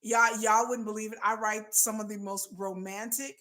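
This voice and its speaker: A woman's voice: medium pitch, level tone, normal speed, pushed and bright. A woman hosting a casual livestream, talking candidly and bluntly and laughing often. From United States. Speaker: livestream host.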